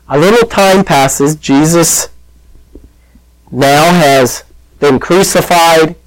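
A man preaching a sermon, telling the story with lively acted-out voices and asides to the congregation. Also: a little high, slow pace, long pauses, no echo, poor audio. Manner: animated storytelling, acting out quoted voices. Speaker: pastor.

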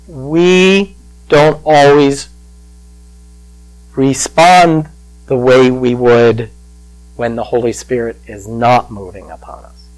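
An older male pastor telling a personal story in a sermon, slow and emotional, choking up at times. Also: medium pitch, low-quality recording.

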